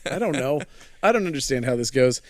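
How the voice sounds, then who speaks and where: A man's voice: mid-range voice, expressive, fairly quick, no echo. A man co-hosting a podcast, casually recapping a horror movie, laughing often and trailing off mid-thought. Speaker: podcast co-host.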